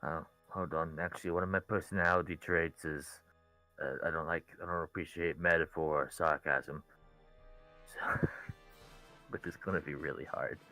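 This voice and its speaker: A man's voice: extremely low pitch, steady tone, moderate pace, pushed and bright, soft background music, low-quality recording. A man taking part as a player in a tabletop game, with dry, wry humor. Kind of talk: casual tabletop game chat.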